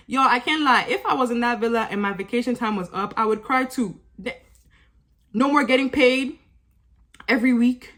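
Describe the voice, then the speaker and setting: A young woman with a slightly high voice gives a casual recap of a reality TV finale. She talks to her viewers in a chatty, sassy way and keeps breaking into laughs. The delivery is loose and conversational, like an offhand vlog. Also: a bit bright.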